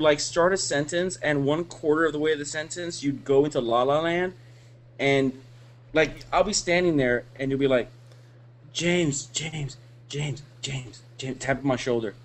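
A man's voice: fairly high pitch, moderate pace. A man co-hosting a podcast, telling stories in casual, profane chat and laughing as he goes. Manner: profane, animated storytelling with laughs. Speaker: podcast co-host.

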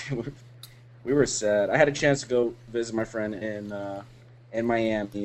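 Profane, animated man on a podcast. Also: fairly low pitch, a little hiss or hum. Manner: profane, animated storytelling with laughs. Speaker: podcast co-host. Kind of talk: casual profane chat.

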